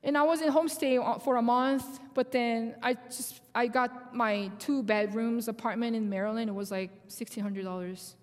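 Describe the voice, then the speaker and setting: A woman with a Korean accent tells her faith testimony in English, which is not her first language, pausing and restarting often. Her voice sits on the higher side. It rings with the long reverb of a large hall. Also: steady tone. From South Korea. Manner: halting, restarts often, laughs through her story. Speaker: guest speaker sharing testimony.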